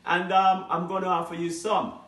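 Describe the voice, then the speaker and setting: A man's voice: high-pitched, little pitch movement, moderate pace, fairly bright tone. A man voicing a conniving male trickster spider in a folktale, sly and upbeat. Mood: sly welcome. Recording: roomy echo, mic at a distance.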